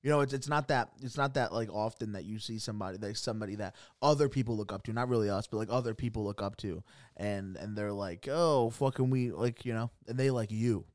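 A man's voice: fairly low pitch, fast, a little mellow, dry recording, clean studio sound. A man co-hosting a comedy podcast, rambling and swearing a lot in casual banter. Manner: profane, rambling. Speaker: podcast co-host.

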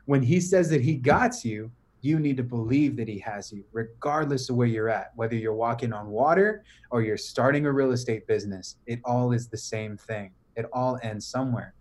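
A young man on a podcast, retelling a story in casual slang, animated, full of "bro" and "right?". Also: mid-range voice. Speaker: podcast guest.

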